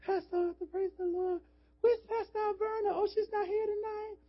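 A male preacher voicing a flirtatious, gushing woman from church in a high, sweet, fawning voice. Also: steady tone, brisk. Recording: dull lo-fi sermon audio.

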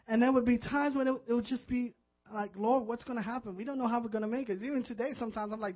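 A man, a pastor, preaching a sermon with earnest, animated delivery that builds into fervent emotion. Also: extremely high pitch, fast. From Puerto Rican background. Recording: dull lo-fi audio.

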